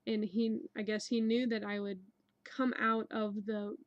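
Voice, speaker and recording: A woman's voice: mid-range voice, level tone, unhurried, dry recording, lo-fi sound. A young woman casually telling a long personal story, rambling with many fillers and restarts. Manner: rambling, many ums and likes. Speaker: dream narrator.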